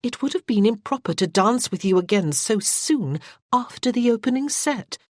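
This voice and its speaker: Narrator doing a spirited young lady, raised pitch, crisp reproving tone, dry studio read. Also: expressive, moderate pace, no room sound. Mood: sharp.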